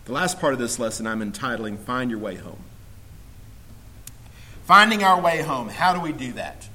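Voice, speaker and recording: A man preaching a sermon, earnest and building to emphatic appeals, with scripture read slowly. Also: mid-range voice, pushed and bright, a little hiss or hum, poor audio.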